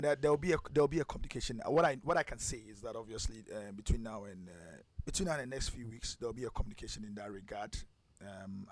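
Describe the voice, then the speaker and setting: A man answering an interview question hesitantly, filling gaps with uh and um. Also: fairly low pitch. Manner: hesitant, many fillers, guarded.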